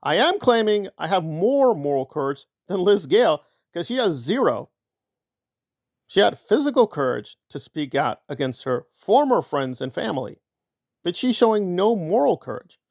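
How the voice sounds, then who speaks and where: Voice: medium pitch, big pitch swings, moderate pace, a little mellow, dry recording, clean studio sound. A commentator giving opinion commentary in a sarcastic, argumentative way.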